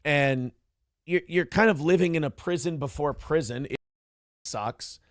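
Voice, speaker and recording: A man's voice: a little high, a little slow, no room sound, studio quality. A middle-aged man hosting a livestream, talking candidly and rambling, reading viewer messages aloud. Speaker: streamer host. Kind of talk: casual livestream chat.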